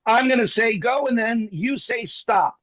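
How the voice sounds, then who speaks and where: A man performing as a magician, telling jokey stories in quick comic patter over a video call. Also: very high-pitched, fairly bright tone, no echo, muffled recording. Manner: rapid joking storyteller, playful teasing. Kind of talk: comic patter on an online show.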